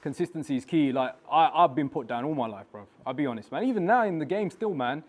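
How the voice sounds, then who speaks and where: A man, an artist guest chatting in a casual studio interview, animated and full of slang. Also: fairly high pitch, quick pace. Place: live studio.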